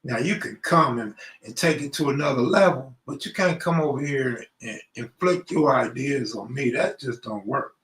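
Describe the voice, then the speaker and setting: A man's voice: medium pitch, normal speed, few pauses, a bit bright, echoey room, rough recording. Man chatting loosely on a home live stream. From Los Angeles. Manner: loose street slang, talking straight to viewers. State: out of breath. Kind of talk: casual live stream chat, greeting viewers. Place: room at home, alone.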